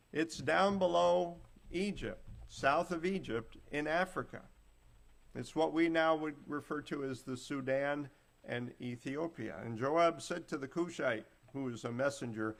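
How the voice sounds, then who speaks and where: A man's voice: fairly high pitch, unhurried, vocal fry. A man preaching a Bible teaching sermon, retelling scripture in plain, folksy words and acting out the quotes.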